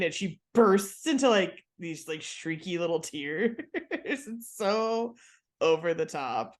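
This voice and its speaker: A woman's voice: low-pitched, a little slow. A woman co-hosting a podcast, chatting casually and retelling scenes with lots of laughter. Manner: giggly, animated retelling with quoted lines. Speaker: podcast co-host. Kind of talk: casual chat recapping a TV episode.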